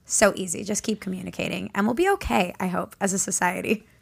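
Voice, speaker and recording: A woman's voice: mid-range voice, steady tone, fast talker, creaky, slightly rough. A woman comedian on a podcast, speaking earnestly and reflectively. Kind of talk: casual podcast chat.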